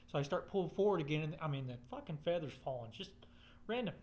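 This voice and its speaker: A man's voice: a little high, animated, fast talker. A man telling a rambling personal story in casual chat, swearing constantly.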